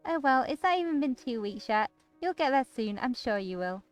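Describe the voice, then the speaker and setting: A sugary, possessive young woman, as a woman puts her on for a visual novel read aloud, sitting high in pitch with a fussing, syrupy manner. Faint music plays underneath. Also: animated, moderate pace, clear, resonant tone. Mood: doting. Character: sweet, doting, controlling young woman.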